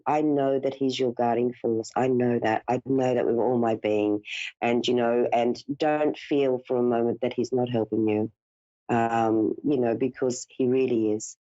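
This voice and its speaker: Giving a live psychic reading as host, a woman speaks in an extremely low, warm voice, reassuring her caller and addressing them as dear and darling. The recording is dry, coming through as dull lo-fi broadcast audio.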